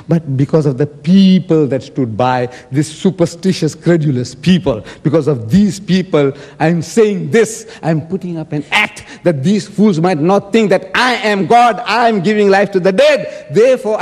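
A man's voice: high voice, normal speed, hardly any pauses, darkish tone. A man giving an emphatic, argumentative debate speech and acting out the words he quotes. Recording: long hall reverb.

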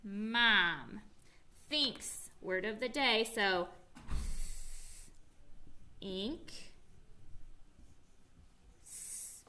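A young woman teaching a phonics lesson to young children, sounding out words slowly and clearly. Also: mid-range voice, expressive, sharp tone, slight background noise. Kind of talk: early-reading phonics lesson.

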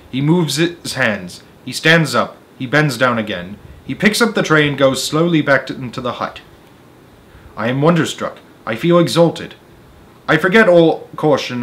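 Man reading a story aloud dramatically. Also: medium pitch. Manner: dramatic reading with sudden swings in loudness. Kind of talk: children's story read aloud.

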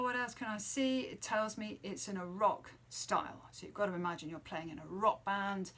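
A woman's voice: medium pitch, steady tone, moderate pace, few pauses, a bit bright. A woman teaching children a trumpet lesson from home, explaining a tune and counting and singing the rhythms aloud.

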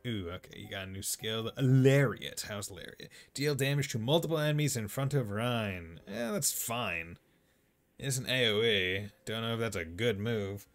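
A man's voice: fairly low pitch, fairly bright tone. A man with a Boston accent streaming a video game, chatting casually and rambling with lots of fillers. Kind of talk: casual let's-play chat. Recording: faint game music behind.

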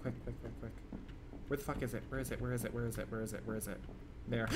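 A man streams live gameplay at a fast clip in a steady tone, cursing heavily. His delivery is dramatic, swinging from low muttering to outright screaming, over noisy stream audio.

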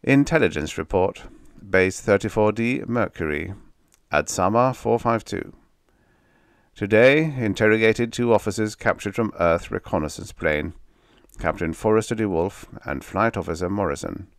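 A man's voice: on the low side, moderate pace, no room sound, clean studio sound, lightly acted. A man reading as a cold alien intelligence captain. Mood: detached. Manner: flat, formal report reading.

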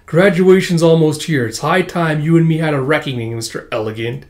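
A resentful teenage bully taunts his target, voiced by a man reading a manga aloud. The voice sits fairly high and keeps a mocking edge. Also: a little fast, darkish tone, close to an everyday voice. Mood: taunting. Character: rough, resentful male teenage school bully.

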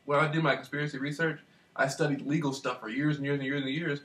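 A man telling a rambling personal story in a casual monologue, repeating himself and getting animated as he retells it. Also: on the high side, fast. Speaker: vlogger. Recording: distant mic with faint background noise.

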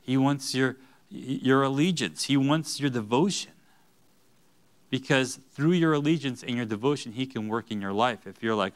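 A man's voice: fairly low pitch, fairly even intonation, normal speed, clear, resonant tone. A man preaching an earnest sermon in a church, rising to emphatic bursts. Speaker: pastor.

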